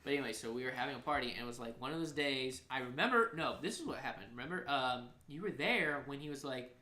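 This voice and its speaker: A young man co-hosting a podcast spins a rambling, profanity-laced story and jumps into the voices of the people in it. His voice is bright and forceful, and the room has a noticeable echo. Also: medium pitch, quick pace. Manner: rambling, profane, excitable storyteller who acts out quotes. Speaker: podcast co-host. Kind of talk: casual storytelling chat.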